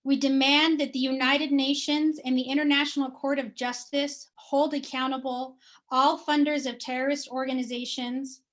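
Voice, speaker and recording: A woman with a high voice reads a prepared statement as an activist speaker. Her delivery is forceful and declarative, each demand stated firmly. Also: level tone, normal speed.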